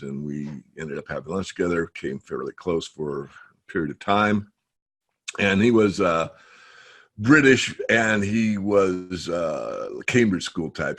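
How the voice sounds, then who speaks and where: A man's voice: low-pitched, breathy edge. A man who grew up in the United States, a trader speaking as an interview guest, telling stories emphatically in a casual webinar chat. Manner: animated storytelling, emphatic. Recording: webinar call audio.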